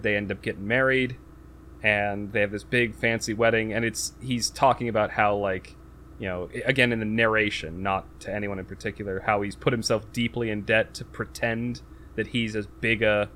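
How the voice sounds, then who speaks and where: A man's voice: on the low side, steady tone, moderate pace, pushed and bright, a little hiss or hum. A man in casual podcast chat, recapping a movie plot with lots of fillers and restarts. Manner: rambling, many fillers and restarts; acts out quotes in raised voice.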